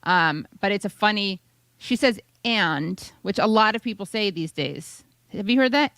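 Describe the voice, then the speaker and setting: A woman hosts a loose, casual chat with sardonic, profane asides. Her voice sits at an ordinary middle pitch. The sound is dry and close. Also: expressive, a bit bright, no echo. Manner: sardonic, swearing, quick asides. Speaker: host.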